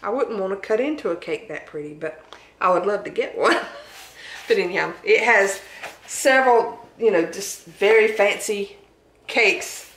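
A woman's voice: medium pitch, lively intonation, moderate pace, a bit bright, reverberant, poor audio. A woman with a Southern accent chatting casually at home, showing off her thrift store finds in a homey, talkative way. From Southern United States. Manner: chatty, homey, laughs at herself. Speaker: thrift haul vlogger. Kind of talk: casual show-and-tell chat. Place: home dining room.

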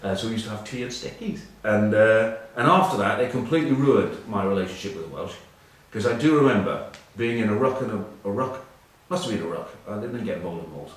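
An English former rugby captain in his forties presents an online news piece, his lowish voice lively in intonation and fairly quick with few pauses. He spins rambling, wryly self-mocking stories thick with ums and uhs, and the recording has a distant mic, a very echoey room and faint background noise.

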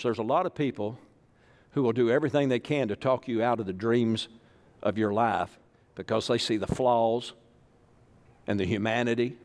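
In an echoey church sanctuary, an Arkansas pastor delivers a folksy, joking sermon and has the congregation repeat after him. His mid-range voice has a darkish tone, moves at normal speed, and pauses often.

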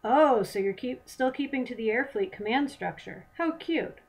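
A woman's voice: on the high side, animated, moderate pace, voice pushed up, low-quality recording. A woman voicing a scheming male lawman corporal who mocks and bargains slyly, read in a storybook reading. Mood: smug. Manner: mocking, sly bargaining.

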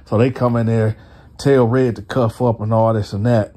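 A man hosting a casual storytime, retelling in an animated, slangy way. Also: mid-range voice, normal speed. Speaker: storyteller, channel host.

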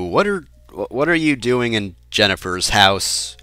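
A man narrating his playthrough of a game with a sarcastic, joking edge, talking back at the characters. His pitch swings widely as he reacts. The sound is dry and close, with no room around it. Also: very animated, unhurried, sharp tone, smooth, dry recording, soft background music. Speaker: let's play host. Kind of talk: gameplay commentary.

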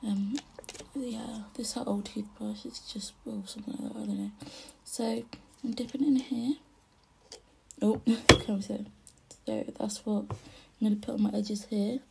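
Chatty young woman, gravelly. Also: mid-range voice, steady tone, normal speed, noisy background. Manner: soft, often half-whispered, chatty. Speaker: vlogger. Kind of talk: casual chat while doing makeup.

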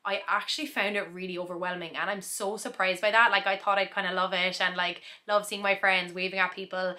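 A woman's voice: mid-range voice, level tone, fairly quick, bright, forceful tone. A young woman chatting in a casual vlog, recapping her day in a reflective, talkative way with frequent laughs. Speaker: vlogger.

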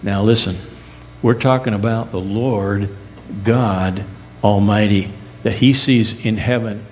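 A man's voice: lowish voice, fairly even intonation, normal speed, slight background noise. Earnest preaching man, middle-aged pastor. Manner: earnest preaching, rising emphatic peaks and soft drops; casual folksy asides. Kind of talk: sermon. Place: church sanctuary.

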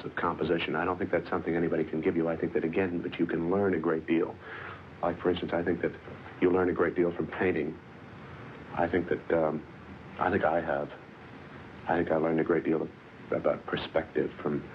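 American guy in his 40s, film director, super low voice, kinda muffled old tv sound. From United States. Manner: thoughtful, circling phrases and restarting often. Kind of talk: reflective interview answers. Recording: dull 1970s TV broadcast audio, faint hiss.

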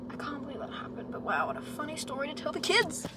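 A woman's voice: high voice, very animated, quick pace, background noise. A woman, chatting casually to camera in a vlog, bubbly and giggly with lots of filler words. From Australia. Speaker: vlogger.

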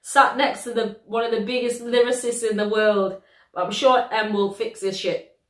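Lively British woman reacting in a roomy space. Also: on the high side. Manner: slangy, animated, quick to laugh. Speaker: reaction video host. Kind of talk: excitable casual reaction commentary.

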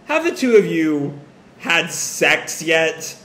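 A man's voice: a little high, big pitch swings, slow pace, fairly bright tone, full character voice. A man voicing a brash, teasing mother who cackles and jokes, reading a manga aloud. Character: brash laughing mother, a TV producer. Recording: echoey room, faint hiss.

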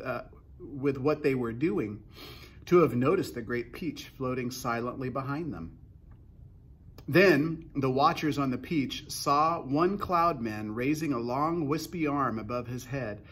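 A man reads a children's book aloud in an unhurried narration with the odd restart. His voice is husky and sits at an average pitch for a man. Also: a bit bright.

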